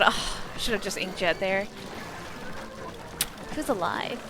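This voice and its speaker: A woman streamer chatting casually and excitably while she plays, swearing now and then. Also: mid-range voice, measured pace, pauses often, soft background music. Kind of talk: casual live gaming chat.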